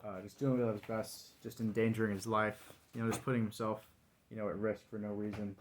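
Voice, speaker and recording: A man's voice: fairly low pitch, level tone, brisk. A man vlogging alone in a wry, rambling monologue full of fillers. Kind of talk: casual solo monologue.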